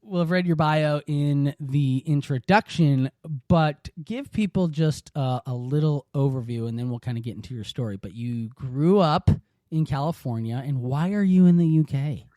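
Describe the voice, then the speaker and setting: Enthusiastic podcast host, dry sound. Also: male voice, a little high, moderate pace, no room sound. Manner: warm and enthusiastic, rambling with "like" and "um". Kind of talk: casual interview chat.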